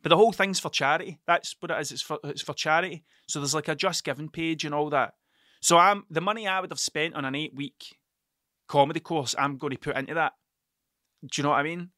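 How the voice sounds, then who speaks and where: Guy chatting on his podcast, swears every other word, keeps losing his thread, bright sharp voice, fairly high. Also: fairly quick, no room sound, studio quality. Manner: swears constantly, restarts and digresses. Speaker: podcast host. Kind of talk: casual rambling monologue.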